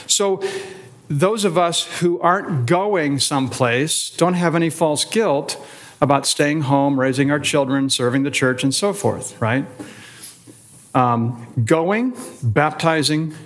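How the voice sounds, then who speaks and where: In a fairly high voice, the pastor teaches his adult Sunday school class with deliberate care. He emphasizes words in brief, list-like phrases and asks questions he doesn't expect answered.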